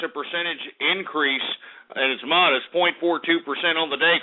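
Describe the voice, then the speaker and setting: Brash, profane male talk radio host. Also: high-pitched. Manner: brash, profane, insulting listeners, rattling off figures. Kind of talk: ranting market report on talk radio. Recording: tinny phone-like radio audio.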